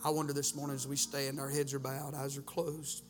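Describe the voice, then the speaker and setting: A middle-aged man preaching a revival sermon and altar call in a church, swinging from loud, fervent rhythmic urging to hushed near-whispers. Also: mid-range voice, monotone, a little fast, over music. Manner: fervent, rhythmic preaching with sudden soft drops. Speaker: pastor. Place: church sanctuary.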